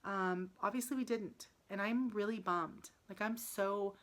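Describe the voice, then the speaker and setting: A woman in her late thirties speaks to the camera in a casual vlog. She sounds upset and close to tears, restarts her sentences often and fills the pauses with ums. Her voice sits at a middle pitch. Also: fairly bright tone. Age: 30s. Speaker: vlogger.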